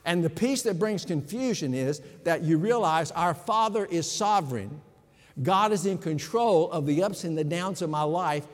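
A man's voice: on the high side, expressive, normal speed. A man preaching a sermon as pastor, emphatic and speaking directly to his congregation. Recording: long hall reverb.

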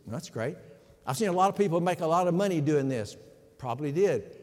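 A man's voice: a little high, lively intonation, brisk, a little mellow. A man preaching a sermon as pastor, emphatic and speaking directly to his congregation. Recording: long hall reverb.

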